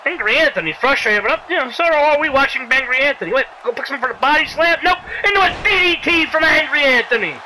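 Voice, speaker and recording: Brief: playful, sarcastic game commentator with a high, crisp voice, pleading and shouting through a video game wrestling match. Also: fast talker, hardly any pauses, a little hiss or hum, low-quality recording. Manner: excitable, pleads with the characters and yells at big moves; sarcastic asides and mild swearing.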